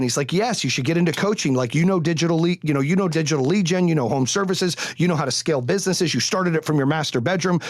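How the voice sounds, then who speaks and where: A middle-aged man hosting a podcast, telling his story in a blunt, profane, animated way. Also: on the high side, no room sound, studio quality. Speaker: podcast host. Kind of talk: candid monologue.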